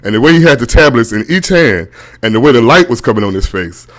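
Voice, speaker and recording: A middle-aged man with a deep voice, telling a laid-back stand-up set over a video call and laughing at his own jokes. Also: expressive, quick pace, a bit bright. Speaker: stand-up comedian.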